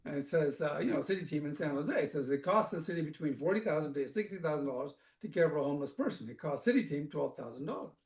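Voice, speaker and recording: A man from Africa gives a storytelling talk as a guest speaker. His voice sits high and his delivery is animated and conversational, with frequent restarts. The room has a strong echo. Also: fast, hardly any pauses. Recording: echoey room.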